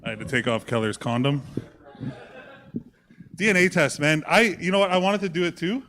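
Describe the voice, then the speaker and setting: A man's voice: a little high, moderate pace, background noise. A man doing a live stand-up set, telling a nervous, giggly story. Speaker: stand-up comedian.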